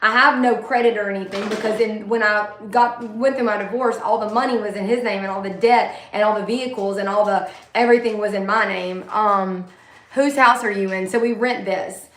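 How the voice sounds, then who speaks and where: A woman's voice: medium pitch, fairly even intonation, brisk, fairly bright tone, reverberant, a little hiss or hum. A woman in her thirties, telling her own story to viewers in a candid, blunt way, swearing freely and using many fillers. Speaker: vlogger sharing her story. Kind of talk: casual personal storytelling, talking to viewers.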